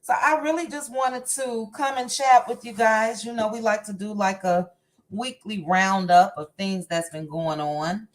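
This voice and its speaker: Slow-talking woman greeting her livestream chat. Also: medium pitch, fairly even intonation. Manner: unhurried, warm greetings to chat viewers by name. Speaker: livestream host. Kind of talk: casual live chat, greeting viewers.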